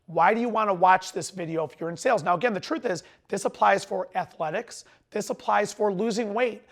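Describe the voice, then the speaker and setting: A middle-aged man giving an energetic sales lesson to camera, talking fast and emphatically and sometimes running his words together, tired after a long lecture. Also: high-pitched, vocal fry. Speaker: sales trainer.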